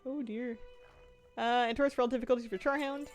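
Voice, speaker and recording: A woman's voice: on the high side, fairly even intonation, rapid-fire, faint music behind. A young woman chatting casually on a game stream, reading chat and laughing often between her comments. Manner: chatty, giggly, answers chat.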